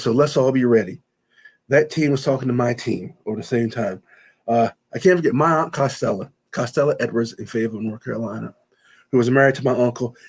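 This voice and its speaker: A man's voice: medium pitch, a little mellow, husky. Man telling an emotional personal story. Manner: retells conversations in quoted speech, often repeating himself. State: choked up at times. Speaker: guest.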